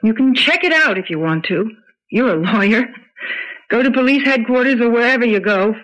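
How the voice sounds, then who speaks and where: A young actress in a radio drama playing an aspiring stage actress, emotional and quick to tears and laughter. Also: female voice, on the high side, expressive, fairly bright tone. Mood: earnest. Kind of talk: 1970s radio drama acting. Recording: dull lo-fi radio broadcast.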